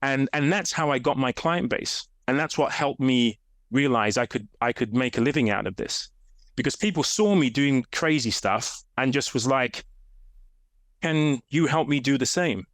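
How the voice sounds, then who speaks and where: A man's voice: mid-range voice, moderate pace, dry recording, studio quality. A grown man, a fitness coach guest, telling stories in a casual interview and acting out the voices in them. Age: adult. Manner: animated storyteller, acts out voices in quotes.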